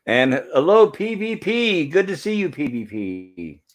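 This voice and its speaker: A man's voice: a little high, huge pitch swings, measured pace. A man hosting a live movie review stream, narrating scenes over the film and reading viewer comments aloud. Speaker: livestream host.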